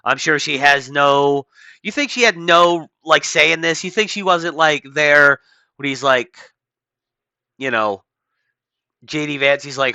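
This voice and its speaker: Male commentator, sarcastic and profane, very bright voice, dry close sound. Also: fairly high pitch, measured pace, no room sound, poor audio. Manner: blunt, sarcastic, profane asides. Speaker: political commentary host. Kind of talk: casual reading and commenting on an article.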